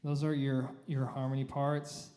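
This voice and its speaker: The choir director, a man with a mellow mid-range voice, talks through notes a little slowly and flatly, singing short phrases to show the choir. It's recorded in an echoey church room.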